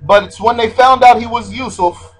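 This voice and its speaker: A man's voice: very high-pitched, normal speed, husky, soft background music, low-quality recording. A man teaching a religious lesson, repeating his key points and stressing Arabic terms as he explains.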